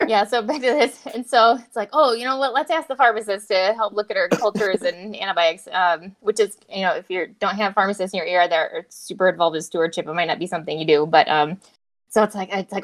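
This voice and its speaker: A woman's voice: mid-range voice, fast. A woman co-hosting a casual chat, telling work stories with lots of laughter and acted-out quotes. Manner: animated storytelling, acts out quotes, laughs often. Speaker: podcast co-host, clinician.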